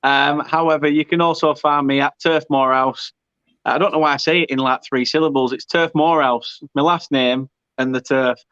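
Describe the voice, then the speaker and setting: A man's voice: mid-range voice, steady tone, a little fast, a bit bright, smooth, no echo, lo-fi sound. A man co-hosting a football stream, bantering casually with some hesitant restarts. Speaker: co-host and channel moderator. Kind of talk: casual chat.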